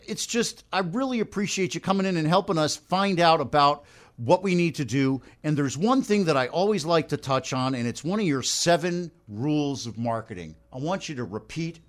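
Upbeat radio host guy, fairly high voice, gushing to his guest. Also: expressive, normal speed. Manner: chatty, effusive. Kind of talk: radio talk show interview.

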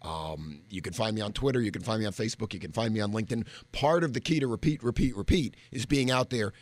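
A man's voice: fairly low pitch, fast, no echo. Guy on a radio show explaining branding, sure of himself, dry close mic. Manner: confident, explanatory, folksy. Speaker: radio guest, branding expert. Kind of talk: casual on-air chat. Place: radio studio. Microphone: studio microphone.

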